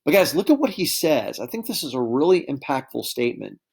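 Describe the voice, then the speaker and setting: Male teacher, casual lecture, keeps saying guys and okay, mid-pitched voice. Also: sing-song, brisk, creaky, a little mellow, husky. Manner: conversational, keeps addressing students as guys with frequent okay and right checks. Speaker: history teacher. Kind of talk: classroom lecture.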